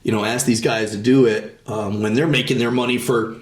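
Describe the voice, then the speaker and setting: A man's voice: medium pitch, fairly even intonation, fairly quick. A man hosting a podcast, talking in a rambling, casual way with lots of fillers. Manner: rambling, enthusiastic reactions with fillers. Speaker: podcast host. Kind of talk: casual conversation. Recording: echoey room.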